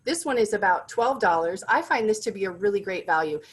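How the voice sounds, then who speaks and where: A woman's voice: medium pitch, lively intonation, a little fast, breathy edge, poor audio. A woman presenting corporate gift drinkware in a product demonstration, enthusiastic and gushing about each item.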